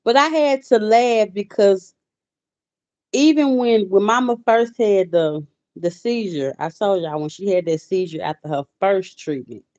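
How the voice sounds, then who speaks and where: A woman in her forties hosts a casual livestream in a medium-pitched, slightly slow voice, telling a personal story and greeting viewers as she goes. She becomes emotional at times, softening to quiet. The dry recording has dull, lo-fi audio.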